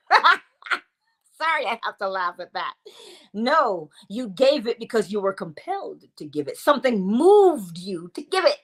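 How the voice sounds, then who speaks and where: A woman hosting a spiritual teaching session and answering audience questions. She speaks in an animated way, acts out quoted voices and laughs often. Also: mid-range voice, measured pace. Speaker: host and teacher.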